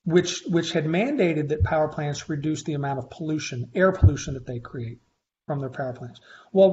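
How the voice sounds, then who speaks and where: Animated storytelling man, lo-fi sound. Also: a little high, slight background noise. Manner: animated storyteller, frequent restarts. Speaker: faculty instructor being interviewed. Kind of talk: conversational storytelling interview. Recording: slightly muffled lo-fi recording.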